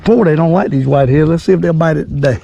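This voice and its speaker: An older man hosting a fishing vlog from a boat, folksy and excitable, repeating his exclamations. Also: on the high side, quick pace, vocal fry, background noise. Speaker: fishing channel host. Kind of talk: casual fishing vlog narration. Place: on a boat on a lake.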